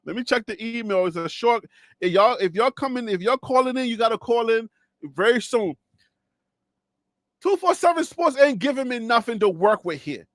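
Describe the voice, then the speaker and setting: A man hosting a casual sports talk show, animated and exasperated, in slangy everyday speech. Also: very high-pitched, normal speed, no room sound.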